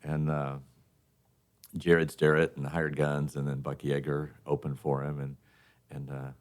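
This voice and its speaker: Hoarse, very deep-voiced man; easygoing radio guest who laughs as he talks. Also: a little slow. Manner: relaxed storytelling, chuckles often. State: hoarse from losing his voice. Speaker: guest from a charity foundation. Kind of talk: casual radio chat. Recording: radio studio.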